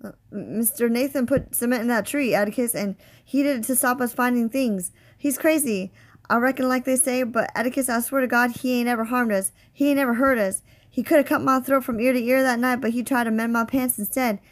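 A woman reading aloud, voicing an excited young boy who babbles and pleads. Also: fairly high pitch, brisk, pitched above the performer's own voice, natural voice. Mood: pleading. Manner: urgent, babbling.

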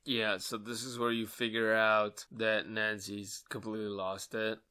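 A man co-hosting a podcast in casual book discussion, who retells the plot in an animated way. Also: lowish voice, a little slow, clear, resonant tone. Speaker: podcast co-host.

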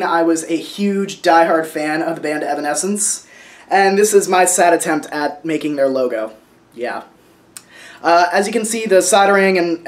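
A man in his twenties, vlogging casually at home, who talks in a rambling, sentimental way with lots of fillers and restarts. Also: a little high. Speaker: vlogger showing family artwork. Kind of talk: casual show-and-tell vlog. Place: at home, indoors.

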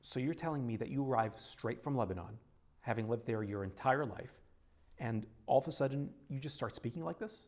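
A man playing a calm therapist who asks quiet, probing questions. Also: medium pitch, brisk, natural voice. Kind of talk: comedy sketch acting.

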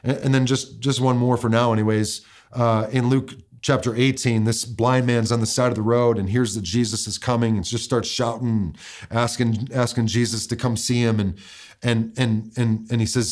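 A man preaching a conversational sermon as pastor, with a casual way of talking that often repeats words and restarts, slowing down to stress the verses he quotes. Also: mid-range voice, level tone, darkish tone.

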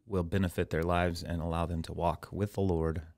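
A man's voice: low-pitched, level tone, moderate pace, a little mellow. A young man, a pastor, co-hosting a church podcast in a playful, teasing, joking manner. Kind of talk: casual podcast chat.

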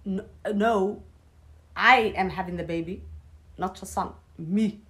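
A woman's voice: medium pitch, slow, a bit bright. A young woman telling a personal story in a casual vlog, blunt, sarcastic and swearing freely. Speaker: vlogger.

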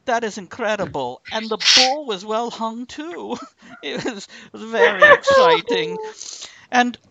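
A man's voice: medium pitch, very animated, moderate pace, vocal fry, bright, forceful tone, lo-fi sound, heavily acted. A man improvising a flamboyant, vain actor with a put-on Spanish-style accent, giving a rambling acceptance speech and calling everyone darling. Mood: grandiose.

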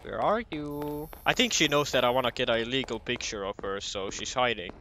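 A man's voice: medium pitch, fast, pushed and bright, slight background noise. A young man doing casual commentary on a horror game, joking and swearing as he talks to the game characters. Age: young adult. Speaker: gameplay commentator.

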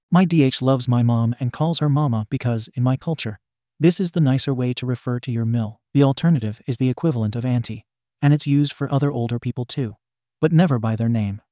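Mellow-voiced man reading a story. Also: medium pitch, no echo, studio quality. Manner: reads abbreviations letter by letter. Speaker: narrator. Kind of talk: reading a forum story aloud.

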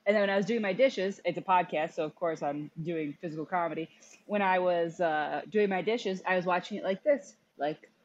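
A woman co-hosting a podcast in casual chat, blunt, animated and opinionated. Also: on the low side, brisk, muffled recording. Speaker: podcast co-host.

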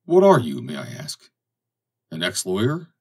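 A man reading the lines of a stern, calculating ship captain in a measured, commanding way, as audiobook dialogue. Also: sits low, wildly swooping pitch, husky, recorded from a distance, heavily acted. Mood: probing.

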